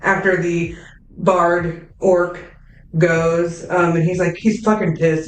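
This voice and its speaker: A low-voiced woman runs a tabletop game at an unhurried pace, casual and loose, dropping swears between fillers. She sits back from the mic in a roomy, echoey space with a faint hiss of noise behind her. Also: fairly even intonation, recorded from a distance. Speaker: game master.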